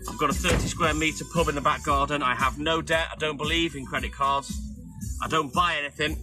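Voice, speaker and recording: An English milkman in his fifties chats casually on a phone livestream, greeting viewers by name while music plays behind him. His voice is on the high side, with a steady tone and a fairly quick pace.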